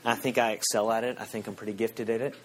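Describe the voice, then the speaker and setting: Pastor preaching with humor. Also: male voice, fairly low pitch, little pitch movement, fast. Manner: storytelling, self-mocking, chuckles often. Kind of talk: sermon. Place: church.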